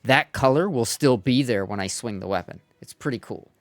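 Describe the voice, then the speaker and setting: A man's voice: medium pitch, fairly quick, no echo. A man hosting a gaming stream, chatting casually and rambling with frequent fillers and laughs.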